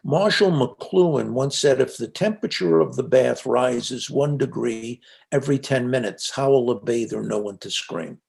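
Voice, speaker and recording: A man's voice: medium pitch, normal speed, vocal fry, hardly any pauses, a little mellow. A man being interviewed, telling reflective stories in a conversational way with frequent restarts. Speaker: interview guest, psychologist and author.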